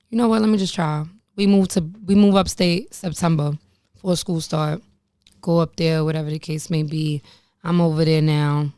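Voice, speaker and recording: A woman's voice: fairly low pitch, a little mellow, smooth, dry recording, studio quality. A woman in her late twenties telling her life story straight to the camera, blunt and conversational, swearing freely and laughing at herself. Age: late 20s. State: pregnant. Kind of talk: candid storytime monologue.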